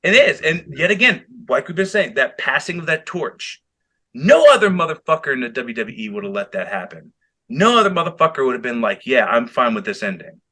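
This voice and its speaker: A man's voice: on the high side, brisk. A man co-hosting a wrestling podcast, talking animatedly and swearing a lot as he recaps a match. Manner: animated, heavy swearing, acts out quotes. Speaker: podcast co-host. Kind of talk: casual wrestling chat.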